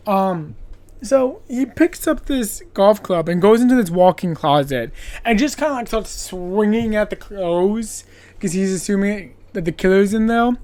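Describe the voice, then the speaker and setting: A woman hosts a podcast and recaps a film in loose, casual chat. She talks with lively energy, swears freely and jumps into brief character voices to act out the scenes. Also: mid-range voice. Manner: animated, swearing, acts out characters in quick voices. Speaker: podcast host.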